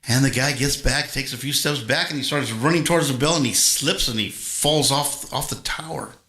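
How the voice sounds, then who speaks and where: A man's voice: medium pitch, moderate pace, bright, forceful tone. A man chatting casually with his livestream viewers between songs, rambling and telling corny jokes. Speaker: livestream host and guitarist. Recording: roomy echo with faint guitar.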